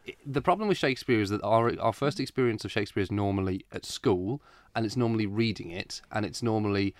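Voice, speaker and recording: A man's voice: on the low side, no room sound. A middle-aged British man, a theatre director, chatting as a guest in a radio interview and laughing now and then. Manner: chatty, laughs often, restarts.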